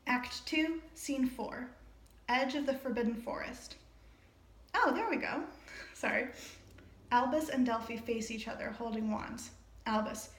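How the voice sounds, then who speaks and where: A woman's voice: fairly high pitch, steady tone, a little slow, fairly bright tone. Chatty woman reading with rambling asides. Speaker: reader and commentator. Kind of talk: casual play reading with commentary. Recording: roomy echo.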